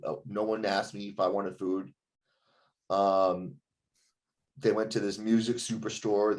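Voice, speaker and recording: A rock frontman with a lowish voice recounts a band blowup in a podcast chat. He swears constantly and slips into the voices of the people he quotes. His delivery stays animated and unfiltered. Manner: profane, animated storytelling, acts out quotes. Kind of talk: casual podcast storytelling.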